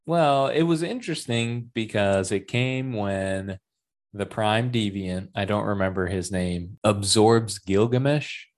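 A man's voice: lowish voice, slow pace. A man casually discussing a superhero movie with an easygoing, joking manner. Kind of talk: casual movie review chat.

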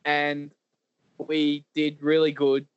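A male wrestler being interviewed, talking candidly in a halting way with repeated words and many fillers. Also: fairly high pitch, monotone, smooth, muffled recording. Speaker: professional wrestler guest.

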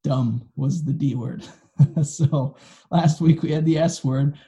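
A man's voice: fairly high pitch, takes it slowly, mellow. A man, a pastor, preaching a sermon in a conversational, folksy storytelling manner, recorded for an online video.

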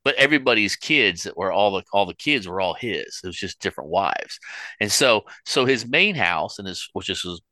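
A man's voice: on the low side, animated, normal speed, sharp tone, no echo. A middle-aged man, co-hosting a casual chat and rambling through his stories. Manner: rambling storyteller, full of restarts. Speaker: podcast co-host.

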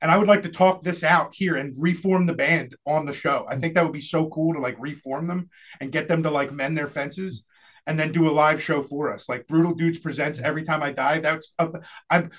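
Young male podcast host, high-pitched, lively and profane. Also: normal speed. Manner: animated, laughing, swearing storyteller. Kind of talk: casual storytelling chat.

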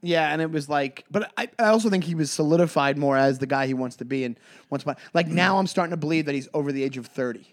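Man, slightly higher voice, New York accent, casual podcast banter, joking. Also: quick pace. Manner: joking, teasing, retells movie scenes. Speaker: podcast co-host. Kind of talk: casual chat.

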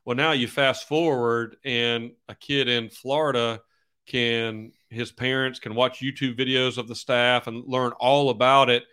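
Bright-voiced middle-aged football coach. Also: male voice, medium pitch, level tone, measured pace, smooth. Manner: easygoing, acts out quotes in stories. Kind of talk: casual interview chat.

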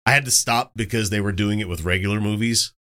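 Brief: male podcast co-host, lower voice with a bright, forceful edge, swears freely, self-mocking. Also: fast. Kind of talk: casual chat.

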